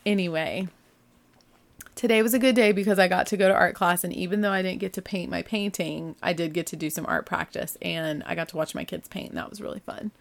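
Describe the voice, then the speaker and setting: A chatty woman talks straight to her listeners in a relaxed, rambling way. She gushes about things she loves and fills her talk with asides and little fillers, like a friend catching up over coffee. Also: fairly low pitch, a little fast, gravelly. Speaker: podcast host. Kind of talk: casual solo chat.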